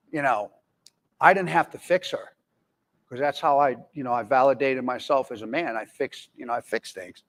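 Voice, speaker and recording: Candid man telling his recovery story. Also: mid-range voice. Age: 40s. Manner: candid, rambling with many fillers and restarts. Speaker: speaker in recovery. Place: jail, indoors.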